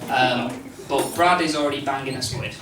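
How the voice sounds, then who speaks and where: A man doing a stand-up comedy routine on a club stage, rambling and hesitant, with lots of stammered restarts and deadpan asides. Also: mid-range voice, normal speed. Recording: roomy live club recording from a distance, noisy.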